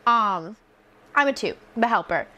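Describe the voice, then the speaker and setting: A young woman, a former teacher, chatting casually and telling animated stories. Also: fairly high pitch, a little slow. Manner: animated, laughs through her stories, acts out quotes. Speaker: podcast co-host, former teacher. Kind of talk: casual chat, storytelling.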